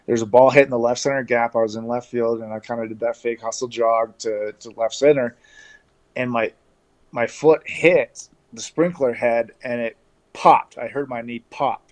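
A man from Canada telling stories as an interview guest over a video call, relaxed and chatty with lots of fillers and restarts. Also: medium pitch, normal speed. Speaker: interview guest, former pro baseball player.

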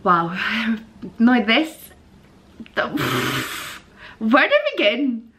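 A young woman chatting casually in a vlog, giggly and animated, breaking into squeals and disgusted groans. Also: fairly high pitch, extremely slow, noisy background. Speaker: vlogger.

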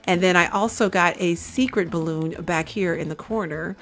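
A woman's voice: fairly low pitch, normal speed, hardly any pauses, a bit bright. Chatty woman narrating her gameplay. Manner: chatty, coaxes and scolds her game characters, says "y'all". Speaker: gaming video creator. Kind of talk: casual gameplay commentary.

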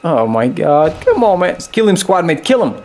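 A young man giving loose, excitable gameplay commentary, swearing freely and jumping into high yelps. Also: normal speed.

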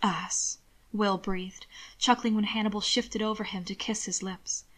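Woman reading a story aloud softly. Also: medium pitch, level tone, normal speed. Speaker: narrator. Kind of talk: reading fan fiction aloud.

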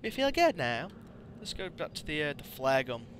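An excitable man commentates his gameplay in a high voice that leaps all over the place. The noisy home recording has clear background noise running under him. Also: moderate pace. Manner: excitable, yelps and swears at the game. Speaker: let's play host.

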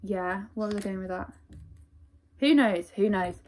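A woman's voice: medium pitch, level tone, a little fast, darkish tone. A woman vlogger talking casually to camera in a rambling, chatty, self-deprecating diary style.

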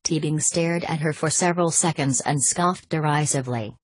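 A woman reads a thriller aloud at a steady, even pace. Her voice sits low and a little husky. The sound is dry and close, with no room around it. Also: normal speed, few pauses, no room sound. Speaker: audiobook narrator. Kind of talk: audiobook reading.

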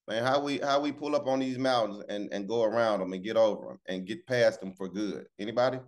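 A man hosting a casual morning devotional on a video call, lively and preachy, calling out to listeners by name. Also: fairly low pitch, a little fast. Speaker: morning show host.

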